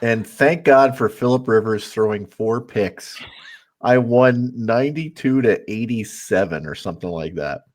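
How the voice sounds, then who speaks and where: A man's voice: medium pitch, measured pace. A man in a casual podcast chat, laughing sheepishly as he recounts his lucky win. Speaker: podcast co-host.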